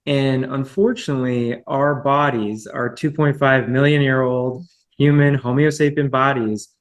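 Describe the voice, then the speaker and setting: A man's voice: medium pitch, fairly even intonation, unhurried. A man breathwork practitioner explaining a concept in an interview, with frequent "like" and "right?".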